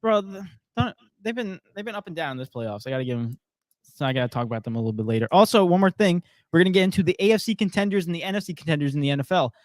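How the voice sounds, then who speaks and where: A man's voice: a little high, lively intonation, very fast, no room sound, clean studio sound. A young man co-hosting a casual sports podcast, joking and reading viewer comments aloud. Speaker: podcast co-host.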